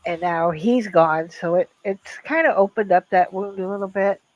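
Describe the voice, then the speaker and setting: An older woman, a guest in a casual chat, talking haltingly with many restarts about a loss. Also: medium pitch, darkish tone, muffled recording.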